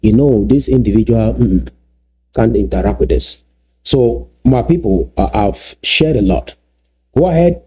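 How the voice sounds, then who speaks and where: Male commentator, husky and mellow-toned, emphatic, repeats points slowly. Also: lowish voice. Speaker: political commentator. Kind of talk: solo video commentary.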